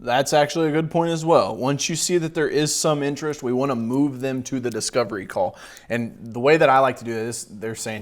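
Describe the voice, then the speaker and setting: A man's voice: medium pitch, fairly quick. Blunt, swearing sales coach man. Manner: blunt, profane, mocking, laughs often. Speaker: sales coach reacting to a video. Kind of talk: casual reaction commentary.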